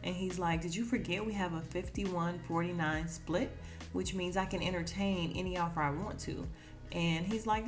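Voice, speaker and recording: A woman's voice: on the low side, moderate pace, soft background music. A woman hosting a podcast, recapping an episode in a casual, chatty way, laughing and acting out the characters' lines. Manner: chatty, laughs often, acts out quotes. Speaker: podcast host.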